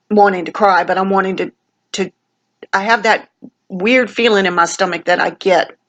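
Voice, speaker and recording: The older woman in this casual vlog has a lowish, slightly bright voice, and the recording's highs are cut off. Sick with a sinus infection, she rambles warmly from a family home with plenty of fillers.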